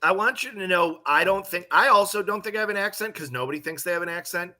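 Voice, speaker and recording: A man's voice: high voice, expressive, fast, bright, forceful tone. A man with a Chicago accent, teasing his friends and telling stories on a live stream. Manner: teasing, profane storyteller. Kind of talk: casual banter.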